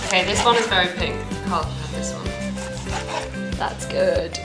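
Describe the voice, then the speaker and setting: A woman's voice: lowish voice, a little slow, loud music behind the voice. A woman in her thirties, a mum chatting casually with many "like"s and giggles while cooking family dinner at home. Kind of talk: casual cooking vlog chat. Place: home kitchen. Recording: echoey kitchen with background noise.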